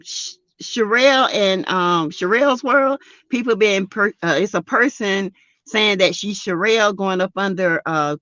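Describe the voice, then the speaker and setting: A woman's voice: mid-range voice, fairly bright tone, dry recording, muffled recording. A Southern US woman hosting a casual livestream, reading viewer comments aloud and laughing often. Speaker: livestream host reading chat. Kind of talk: casual live chat.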